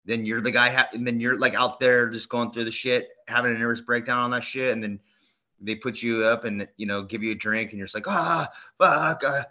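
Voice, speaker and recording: A man co-hosting a podcast in casual chat, telling stories in a rambling, animated way full of fillers and restarts. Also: medium pitch, brisk. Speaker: podcast co-host. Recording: dull lo-fi sound.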